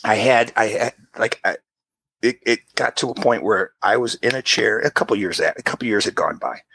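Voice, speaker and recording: A middle-aged man co-hosting a podcast, telling a story in a casual, animated way and acting out the people in it with a high squeaky voice. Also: moderate pace, breathy edge, dry recording. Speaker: podcast co-host.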